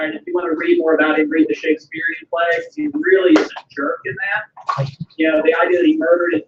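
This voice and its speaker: A man with a Southern US accent, a historian chatting with students in a casual Q&A, enthusiastic, with lots of ums and restarts. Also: very high-pitched. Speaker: historian answering students' questions. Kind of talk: casual Q&A over a video call. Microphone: video call. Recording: echoey, distant, muffled video call audio with light noise.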